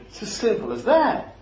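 A man's voice: high voice, a little mellow, slight background noise. A man preaching a sermon in a fervent, emphatic way, repeating his phrases for stress. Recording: echoey, dull lo-fi recording.

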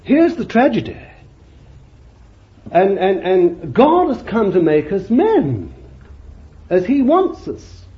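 A man's voice: high-pitched, huge pitch swings, takes it slowly, pauses often. A man preaching a fervent sermon, emphatic and exclaiming, reading scripture aloud. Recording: dull lo-fi recording.

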